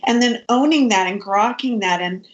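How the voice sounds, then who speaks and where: A woman's voice: fairly high pitch, moderate pace. A woman hosting an interview, affirming her guest's story in casual conversation. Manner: supportive, affirming listener. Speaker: host. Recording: dull lo-fi sound.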